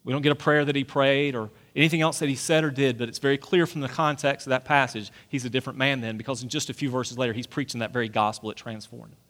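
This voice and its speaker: A man's voice: medium pitch, steady tone, fast, few pauses, fairly bright tone. A man in his forties preaching a sermon in a church, earnest and pleading, often asking the listeners questions. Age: 40s. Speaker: pastor. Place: church sanctuary.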